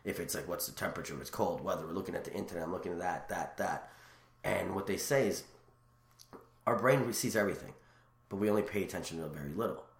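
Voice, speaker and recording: A man with a very low voice talks quickly and excitedly, piling up stories with plenty of restarts and asides. His casual chat is recorded in a noticeably echoey room. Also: vocal fry. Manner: rambling, animated storyteller with many restarts. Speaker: guest.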